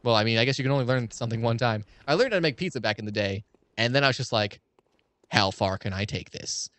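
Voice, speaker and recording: A young man chatters through a game session, cursing freely and ranting with excitable enthusiasm. His mid-range voice sits close to the mic in a dry, dead room. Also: medium pitch, rapid-fire, no room sound. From United States. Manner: rambling, profane, excitable ranting. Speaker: let's play streamer. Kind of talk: casual gameplay commentary.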